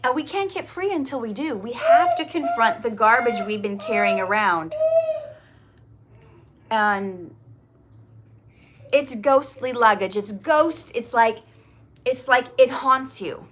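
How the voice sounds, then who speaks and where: Animated woman reading and preaching. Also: a little high, slow, pauses often, a little hiss or hum. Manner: earnest, animated, asides to viewers. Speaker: inspirational video host. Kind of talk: reading a poem with commentary.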